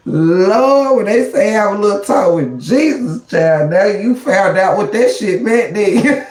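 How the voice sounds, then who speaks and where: A woman's voice: medium pitch, expressive, takes it slowly, darkish tone, roomy sound. A woman hosting a casual livestream, slangy and preachy, often exclaiming "child" and "Lord". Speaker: livestream host.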